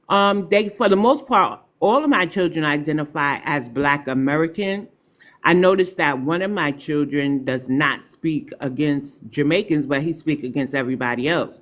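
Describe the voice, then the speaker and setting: A middle-aged woman, a podcast guest who talks emphatically and tells stories with big swings in pitch. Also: expressive, normal speed, fairly bright tone. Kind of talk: podcast discussion.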